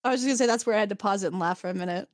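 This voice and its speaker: A woman in casual chat, retelling an episode with lively storytelling and laughing often. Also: medium pitch, racing, dry recording, clean studio sound. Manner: animated storytelling, acting out characters' lines. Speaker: podcast co-host.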